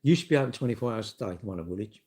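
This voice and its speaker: Gravelly blunt man in his sixties. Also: fairly low pitch, expressive, rapid-fire, darkish tone. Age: 60s. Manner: blunt, sweary, storytelling with acted-out quotes. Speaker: live streamer. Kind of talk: casual ranting monologue.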